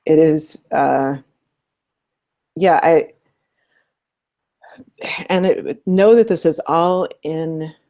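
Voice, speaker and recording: Low, mellow-voiced middle-aged woman, thoughtful. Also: extremely slow, long pauses. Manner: thoughtful, animated, laughs often. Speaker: social justice educator and guest. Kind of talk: conversational interview.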